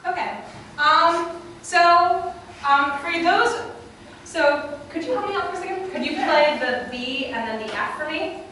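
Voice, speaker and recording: Bright-voiced young woman presenting in a room. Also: extremely high pitch, measured pace, slight background noise. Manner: chatty, lively, with frequent fillers and asides to the audience. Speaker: workshop presenter. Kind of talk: live classroom presentation. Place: classroom or small auditorium with an audience. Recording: echoey room, far from the mic.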